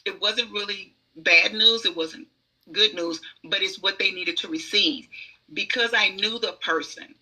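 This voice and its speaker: A woman talking on a podcast with a husky, raspy edge and a very tense, cutting brightness. She tells stories with emphasis and slips into little voices for the messages she hears. She sounds like a card reader explaining her craft. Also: medium pitch, measured pace, rough recording. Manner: emphatic, acts out inner voices. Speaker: guest oracle card reader. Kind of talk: conversational podcast storytelling.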